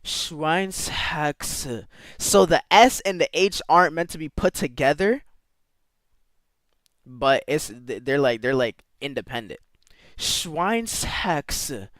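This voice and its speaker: A man's voice: on the high side, moderate pace, dry recording. A man streaming live, chatting casually with his viewers and playfully sounding out foreign words. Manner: talks to chat with slangy asides.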